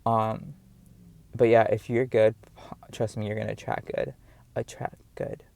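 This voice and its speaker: Gravelly, earnest man encouraging viewers. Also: lowish voice, level tone, a little slow, a little mellow. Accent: noticeable non-standard accent. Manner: earnest, encouraging, rambling with many fillers and repeats. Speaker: vlogger. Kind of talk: casual motivational talk to camera.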